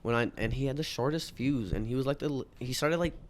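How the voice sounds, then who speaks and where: Young male co-host, mid-pitched, animated storyteller who voices both sides of a quarrel. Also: quick pace, a little hiss or hum. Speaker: podcast co-host. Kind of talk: casual chat.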